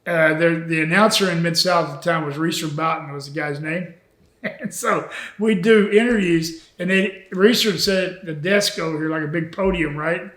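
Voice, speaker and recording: A man's voice: on the high side, normal speed, a bit bright, reverberant. An older man, a retired wrestler, telling road stories in a folksy, chuckling way during a shoot interview. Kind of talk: shoot interview, anecdotal storytelling.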